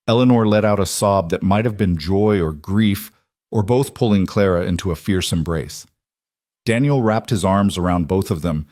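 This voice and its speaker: A man reading a western story as narrator, calm and measured. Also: on the low side, dry recording, studio quality. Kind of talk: scripted narration.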